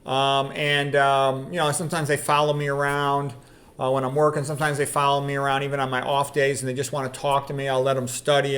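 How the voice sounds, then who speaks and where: Rambling male doctor, slightly high voice. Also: fairly bright tone. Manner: rambling, full of fillers and restarts. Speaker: doctor telling a story. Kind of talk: casual storytelling to camera.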